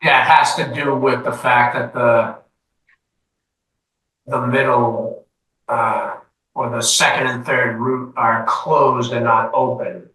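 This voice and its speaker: A man's voice: medium pitch, fairly even intonation, slow, pauses often, sharp tone. A man answering a question in class, thinking aloud tentatively. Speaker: student. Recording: echoey classroom from far off.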